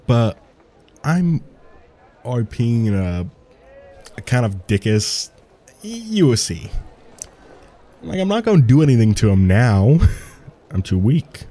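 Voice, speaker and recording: A man's voice: mid-range voice, very animated, takes it slowly, long pauses, dark tone. A man giving casual let's-play commentary, swearing offhandedly and reading game text aloud between remarks. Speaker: game streamer.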